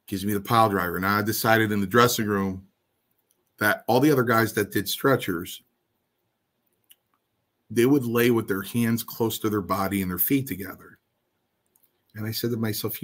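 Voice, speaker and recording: A man telling stories from his wrestling career in an interview, animated and blunt, with salty language. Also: on the low side, normal speed, long pauses. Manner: animated, acts out the people in his story. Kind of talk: casual anecdotal storytelling.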